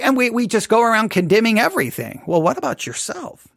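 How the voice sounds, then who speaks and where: A man leads a Bible study in a casual, musing way and often stops to ask listeners questions. His pitch moves in a lively way. The sound is dry and close. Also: quick pace, vocal fry, no echo. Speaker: study host. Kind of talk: conversational Bible study commentary.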